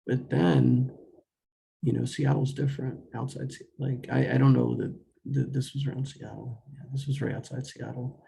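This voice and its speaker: A man's voice: medium pitch, little pitch movement, normal speed, vocal fry, mellow. A young man telling a rambling personal story in a casual way, full of fillers and restarts, quoting himself and others. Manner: quotes himself and others in dialogue.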